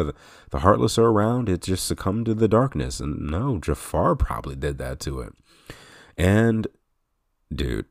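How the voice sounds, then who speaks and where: A man's voice: rumbling low, darkish tone, no echo, clean studio sound. A man hosting a podcast, casually talking through a game retrospective, rambling and correcting himself as he goes. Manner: rambling, self-correcting, chuckles often. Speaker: podcast host.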